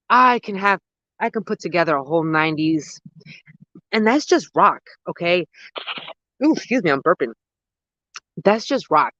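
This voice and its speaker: A gardening host in their thirties, chatting casually with live viewers outdoors at dusk. They ramble excitedly and use a lot of slang. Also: mid-range voice, dry recording, lo-fi sound. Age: 30s. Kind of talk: casual live-stream chat answering viewers.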